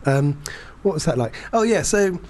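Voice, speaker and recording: A performance poet co-hosting a podcast chats casually, telling rambling anecdotes packed with fillers and restarts. His voice is a little high and expressive, with a darkish tone and a normal pace.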